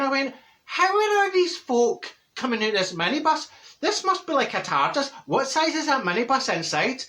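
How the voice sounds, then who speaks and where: A man's voice: high voice, bright, forceful tone. A man playing a gossipy Glaswegian busybody woman. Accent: Glaswegian Scottish. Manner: gossipy, exaggerated, bursts of laughter, theatrical outbursts. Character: chatty brash middle-aged Glasgow woman, gossipy. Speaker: comedy character monologue. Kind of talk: comic character monologue to camera.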